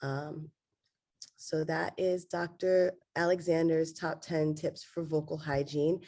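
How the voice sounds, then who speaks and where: A woman's voice: sits low, takes it slowly. A woman laryngologist giving an online medical lecture, with a congested, nasal voice and frequent "um"s. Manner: steady explanatory delivery with frequent fillers.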